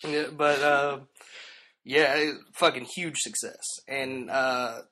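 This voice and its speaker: Dude on a podcast swearing a bunch, mid voice, kinda trailing off. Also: male voice, medium pitch, steady tone, takes it slowly, pushed and bright. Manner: loose, swears a lot, trailing fillers. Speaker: podcast co-host. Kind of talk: casual chat.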